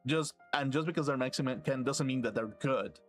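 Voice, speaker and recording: A man's voice: mid-range voice, moderate pace, faint music behind. Rambling, profane male streamer. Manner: rambling, profane, laughs to himself. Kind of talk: casual rambling rant while gaming.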